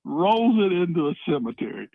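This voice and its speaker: 70s guy on the hotline, folksy emphatic stories, muffled dull audio, lively pitch. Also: fairly quick, vocal fry, no echo. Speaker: guest on phone line. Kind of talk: casual radio chat.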